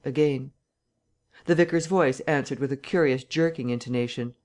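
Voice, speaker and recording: An audiobook narrator reading a classic novel in a steady, even storytelling manner. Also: mid-range voice, normal speed.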